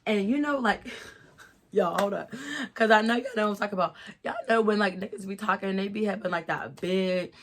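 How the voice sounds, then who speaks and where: A woman's voice: medium pitch, a little fast, background noise. A young woman telling a story to her viewers in a chatty, giggly way, a little tipsy and stuffy-nosed. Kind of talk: casual storytime vlog.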